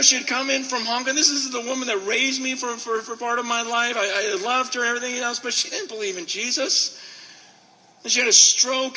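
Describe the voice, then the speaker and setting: A pastor preaches in an impassioned, emotional way, stumbling over repeated words as he pushes on. His voice is very high and sharply bright. It rings out in a big hall with a long reverb. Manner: impassioned, emotional, stammering restarts. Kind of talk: sermon storytelling.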